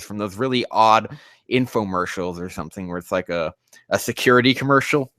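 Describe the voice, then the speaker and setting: A man's voice: on the low side, a little fast, sharp tone, dry recording, studio quality. A man reading fanfiction aloud and ranting about it in profane, exasperated commentary.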